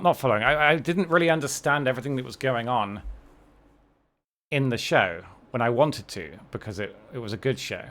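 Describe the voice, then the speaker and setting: A young adult man with a medium-pitched, slightly bright voice chats casually and wryly on a livestream as he plays a game. He rambles and corrects himself, frequently starting his sentences over.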